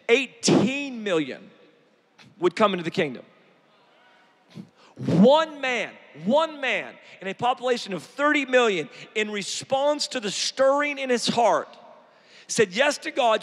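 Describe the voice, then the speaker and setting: A man preaching a sermon, fervent and emphatic, building to shouts. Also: sits high, long reverb tail.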